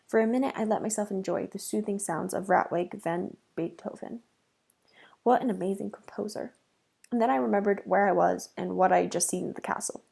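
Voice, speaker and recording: Woman reading a kids' book out loud, husky and a bit gravelly, dramatic pauses. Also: medium pitch. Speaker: reader. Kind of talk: children's book read-aloud.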